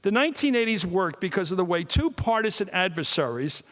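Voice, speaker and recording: A man in his sixties speaks as a guest lecturer, his voice pitched high. He tells stories and jokes with lively energy. The sound carries the long reverb of a large hall. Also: a little fast. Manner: animated storytelling with jokes. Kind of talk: public lecture.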